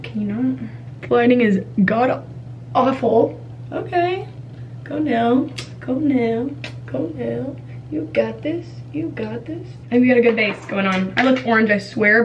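A young woman vlogging casually on her phone, excitable, rushed and chatty, first in a car and then in a small bathroom. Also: a little high, noisy background. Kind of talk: casual vlog to camera. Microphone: phone held at arm's length.

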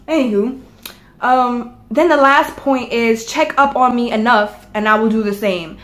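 Blunt, high-voiced young woman ranting. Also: a little slow, a bit bright. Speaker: vlogger. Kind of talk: casual chat.

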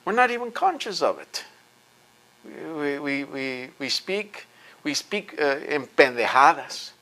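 A man's voice: a little high, fairly bright tone. A man giving an impassioned lecture, intense and emphatic, blunt and profane, often repeating words as he presses his points.

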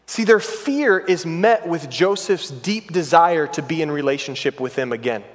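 A pastor preaching a sermon in a church, earnest and emphatic, building intensity on repeated phrases. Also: male voice, fairly high pitch, lively intonation, normal speed, few pauses. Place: church sanctuary. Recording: long reverb of a large church hall.

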